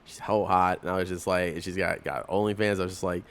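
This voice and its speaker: A man's voice: low voice, steady tone, fast talker, a bit bright. A man in his thirties hosting a podcast, talking frankly in a casual, rambling way, full of "like" and restarts. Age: 30s. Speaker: podcast host. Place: coffee house.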